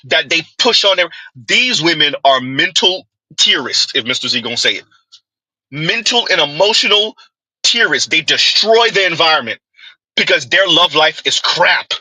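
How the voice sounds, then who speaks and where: A man's voice: on the high side, sharp tone, slightly rough, no room sound, low-quality recording. A man giving a mocking opinion commentary, full of rhetorical asides and scornful dismissals. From United States.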